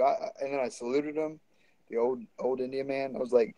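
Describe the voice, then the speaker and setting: A man's voice: mid-range voice, quick pace, mellow, no room sound, low-quality recording. A man telling a story in a casual, rambling and profane way.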